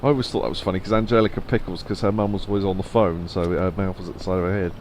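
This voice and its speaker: A man's voice: sits low, steady tone, very fast, a little mellow, a little hiss or hum. A man streaming a video game, chatting casually and laughing often as he tells stories. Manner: chatty, laughs often, reads game lines aloud in a put-on accent. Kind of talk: casual live-stream chat and storytelling.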